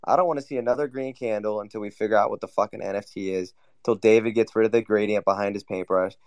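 A man's voice: lowish voice, fairly even intonation, fast, darkish tone, no echo. Loose, swearing man chatting casually. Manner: swears a lot, rambling and loose. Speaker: host. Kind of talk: casual group chat.

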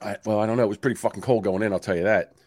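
A man's voice: on the low side, fairly even intonation, rapid-fire, darkish tone, no room sound, clean studio sound. A man in his sixties co-hosting a podcast, telling a story in casual chat, swearing and acting out both sides of his phone calls. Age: 60s. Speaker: podcast co-host.

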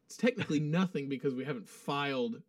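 A man's voice: fairly high pitch, fast, no room sound. Dry, joking podcast host man. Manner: joking, rambling storyteller. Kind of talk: casual chat.

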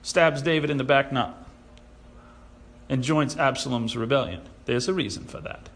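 A man preaching a sermon, animated and sarcastic, who acts out the people he quotes. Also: mid-range voice, normal speed. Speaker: pastor.

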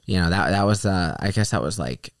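A man's voice: deep voice, animated, fairly quick, vocal fry, dry recording, clean studio sound. A young man co-hosting a casual chat, telling a personal story candidly with many fillers and restarts.

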